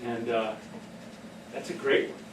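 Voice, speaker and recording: A middle-aged man giving a casual talk on behavioral care, telling stories in an animated way and laughing often. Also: mid-range voice, a little slow, background noise. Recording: echoey room from far off.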